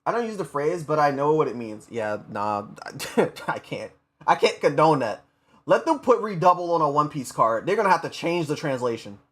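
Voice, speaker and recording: A man's voice: fairly high pitch, big pitch swings, moderate pace, fairly bright tone. An American man reading a story aloud on a livestream, stumbling over words and breaking off to comment on them. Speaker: streamer.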